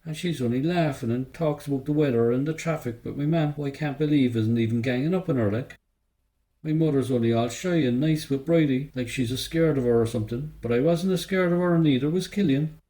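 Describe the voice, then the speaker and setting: A man's voice: medium pitch, a little fast, mellow, rough recording. A man with a Cork Irish accent reading a first-person novel aloud, telling it in the loose, slangy voice of a young narrator. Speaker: audiobook reader.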